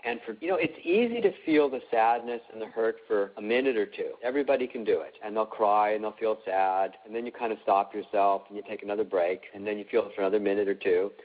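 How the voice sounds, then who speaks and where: A middle-aged man teaching an emotional healing class, speaking calmly and instructively, repeating points for emphasis. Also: on the low side, fast, hardly any pauses. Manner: calm, instructive, repetitive emphasis. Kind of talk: live online class talk. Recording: tinny phone-like line.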